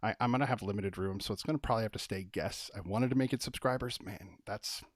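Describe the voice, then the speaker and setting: A man hosting a casual movie review live stream, thinking out loud and talking fast with lots of fillers. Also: on the low side, no echo, clean studio sound.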